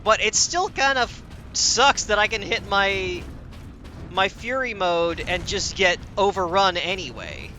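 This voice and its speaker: A man with a high, lively voice streams a video game and reacts aloud, exasperated and cursing at each setback. He speaks at an unhurried pace. Game music plays clearly behind him. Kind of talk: casual gameplay commentary. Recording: loud game music in the background. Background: game music and sound effects.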